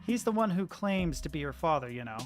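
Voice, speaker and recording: A man's voice: a little high, expressive, a little fast, over music, close to an everyday voice. A man reading out the lines of a talking strawberry character from a video game, in a plain matter-of-fact delivery. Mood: explaining. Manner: read-aloud game dialogue, matter-of-fact.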